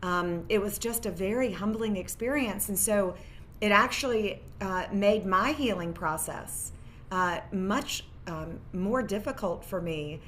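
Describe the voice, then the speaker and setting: A woman's voice: mid-range voice, a little slow, fairly bright tone, slight background noise. A woman in her forties, a divorce lawyer guest, telling her story earnestly with many fillers. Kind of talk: interview storytelling.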